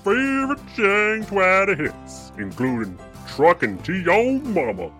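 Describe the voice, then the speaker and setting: A man's voice: high-pitched, huge pitch swings, slow pace, over loud music, exaggerated voice. A man putting on a hammy country-singer ad voice. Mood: hammy pitch. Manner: folksy salesman patter, hammy. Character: boastful washed-up male country singer, shameless. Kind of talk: comic spoof radio advert.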